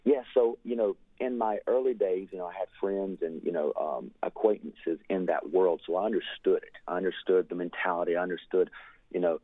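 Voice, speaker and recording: A man's voice: low-pitched, brisk, breathy edge, no room sound. A man telling a fervent ministry testimony in an earnest storytelling way, full of "you know" fillers. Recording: dry, tinny phone-like line.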